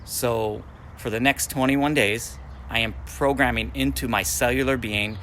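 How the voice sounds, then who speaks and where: A man's voice: mid-range voice, steady tone, a little slow, pushed and bright, a little hiss or hum. A man in his forties, a spiritual teacher, speaking in a repetitive, affirmation-like way. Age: 40s.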